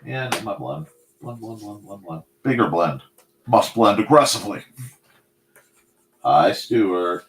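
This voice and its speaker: A man's voice: fairly low pitch, animated, slow, long pauses, a little hiss or hum. A man hosting a casual live stream, chatting while he draws and talking to his cats in a sing-song voice. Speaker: host.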